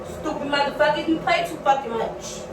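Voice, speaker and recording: A woman's voice: high-pitched, fairly quick, echoey room, distant mic, heavy background noise. A woman ranting angrily and swearing over and over. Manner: swearing, furious, repeating herself. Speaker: vlogger, prank victim. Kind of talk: angry casual rant.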